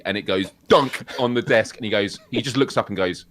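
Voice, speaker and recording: Male co-host, mid pitch, casual rambling anecdotes, laughs a lot. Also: normal speed, slight background noise. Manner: rambling, laughs often, animated storytelling. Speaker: podcast co-host. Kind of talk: casual chat.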